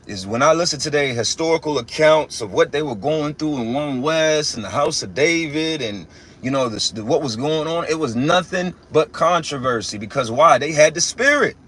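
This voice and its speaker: Young man, high-pitched, husky voice, casual spiritual rant, emphatic, profane, lots of restarts. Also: expressive, moderate pace, a bit bright. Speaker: religious teacher.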